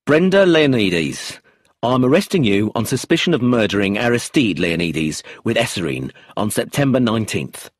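A man reading an audiobook, voicing a chief police inspector making an arrest in an official, measured voice. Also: on the low side, big pitch swings, no room sound, studio quality.

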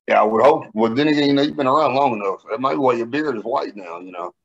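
A man co-hosting a podcast, telling stories in a profane, animated way during casual banter. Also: medium pitch, fast, vocal fry, dull audio. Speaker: podcast co-host.

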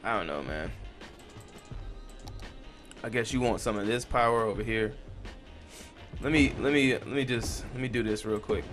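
A man's voice: fairly low pitch, moderate pace, long pauses, a bit bright, faint music behind. Cursing young man narrating his gameplay. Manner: frustrated, swears a lot, talks to the viewers. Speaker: gaming channel host. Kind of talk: casual let's-play commentary.

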